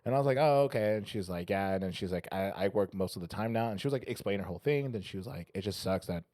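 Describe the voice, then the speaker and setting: A man's voice: sits low, very fast, a little mellow, no echo. A man co-hosting a casual podcast, telling a long anecdote and acting out the people in it, with frequent swearing. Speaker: podcast co-host. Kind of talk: casual chat, storytelling.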